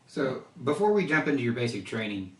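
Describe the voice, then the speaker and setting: Mid-pitched male interviewer, off-mic. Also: big pitch swings, a little fast. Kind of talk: interview questions. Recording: echoey room from a distance.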